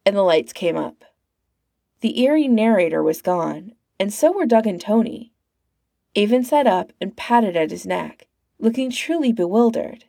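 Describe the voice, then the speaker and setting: A woman reading a fan-fiction story aloud, expressive and animated in her pitch. Her tone is dark and gravelly, recorded close and dry. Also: no echo. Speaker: reader.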